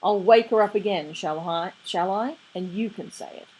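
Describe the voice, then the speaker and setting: A woman's voice: mid-range voice, normal speed, a little mellow, slight background noise, close to an everyday voice, rough recording. Crowley, a woman doing a snappish male demon. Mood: sardonic. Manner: snappish, exasperated. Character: sardonic male demon, touchy and defensive.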